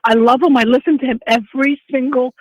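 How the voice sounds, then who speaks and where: A woman's voice: high-pitched, steady tone, fast talker, a little mellow, no room sound, rough recording. A woman in her sixties calling in to a talk show, emotional and tearful as she speaks. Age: 60s. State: crying. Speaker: caller. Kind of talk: call-in radio chat.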